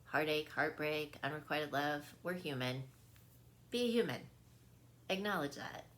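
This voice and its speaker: A woman with a lowish, somewhat bright voice gives an earnest, casual spiritual talk as a wellness coach. She laughs easily, repeats herself, and often checks in with listeners by asking "right?"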